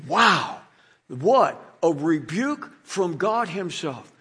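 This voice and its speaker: A man preaching a sermon, animated and dramatizing the scripture passages he reads. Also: very high-pitched, unhurried, breathy edge.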